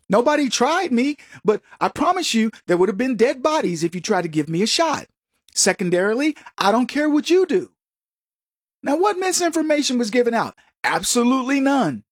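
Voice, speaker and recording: A man with a notably high voice rants through an opinion monologue, combative and sarcastic. He mocks his opponents as he goes. The sound is close and dry, with no room at all. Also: no echo. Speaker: political commentary show host.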